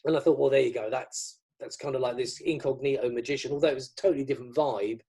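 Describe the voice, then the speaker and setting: A man's voice: mid-range voice, steady tone, fast talker, dark tone, husky. A middle-aged man from the UK, a magician guest in an interview, chatting casually and acting out the dialogue in his stories. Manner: chatty, acts out quoted dialogue.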